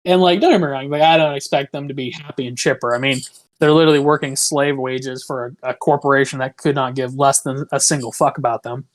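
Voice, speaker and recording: A man's voice: mid-range voice, steady tone, quick pace. A young man co-hosting a podcast, telling a long story in casual, rambling fashion, packed with "like" and swearing. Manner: rambling, full of "like", swears freely. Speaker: podcast co-host.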